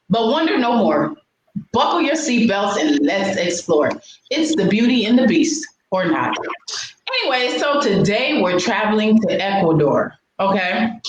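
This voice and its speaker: Sassy woman co-host, very echoey room. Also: mid-range voice. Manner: playful, sassy asides. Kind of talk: casual talk-show segment.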